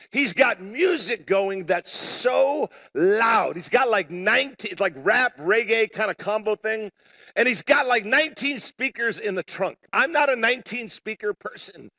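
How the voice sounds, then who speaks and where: A man preaching a sermon to a congregation, telling a story in an animated, conversational way with self-deprecating humor and calling out for responses. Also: high-pitched, gravelly. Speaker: pastor. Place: church sanctuary before a live congregation.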